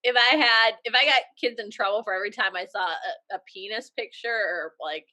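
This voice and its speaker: Bright-voiced woman, teacher's side. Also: medium pitch. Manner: quick reactive interjections. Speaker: podcast co-host, former teacher. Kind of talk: casual chat.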